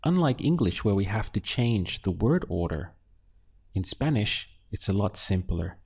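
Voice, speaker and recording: Slow, gravelly-voiced man teaching phrases. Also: fairly low pitch, sing-song, a little mellow. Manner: slow, clear prompts and model answers. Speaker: language teacher. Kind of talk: audio language lesson.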